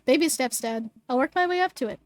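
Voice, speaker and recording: A woman reading a bubbly teenage girl in a game, chirpy and excitable. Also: sits high, fast talker, no room sound. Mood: cheeky. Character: bubbly teenage girl about to leave for art school.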